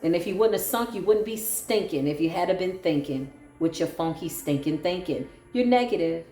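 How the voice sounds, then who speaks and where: A woman's voice: fairly low pitch, lively intonation, moderate pace, mellow. A woman giving a solo tarot reading, sassy, sarcastic and preachy. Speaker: tarot reader. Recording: echoey room with faint music.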